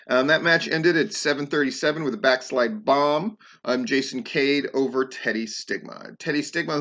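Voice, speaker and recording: A man's voice: mid-range voice, bright, forceful tone, highs cut off. A middle-aged man hosting a podcast, reviewing a wrestling show in a loose, rambling way, full of swearing and ums. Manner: rambling, profane, frequent ums. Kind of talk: casual spoken review.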